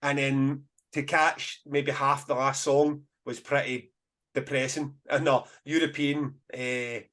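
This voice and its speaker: A man's voice: mid-range voice, slow pace. A Scottish man, a festival promoter, telling stories in a casual podcast chat with bursts of laughter. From Scotland. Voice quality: animated storyteller, bursts of laughter.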